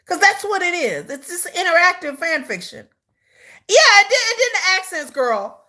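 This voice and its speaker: A woman's voice: very high-pitched, moderate pace. A woman, ranting in casual live-stream commentary with incredulous repeats. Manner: animated, incredulous ranting with frequent repeats and laughs. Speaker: reaction streamer.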